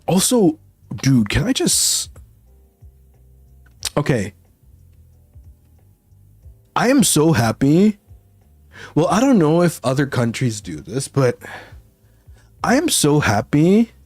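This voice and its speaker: A man's voice: a little high, wildly swooping pitch, slow pace, long pauses, a little mellow, breathy edge, no room sound, faint music behind. A male VTuber chatting casually with his viewers, rambling and laughing often. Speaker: VTuber streamer.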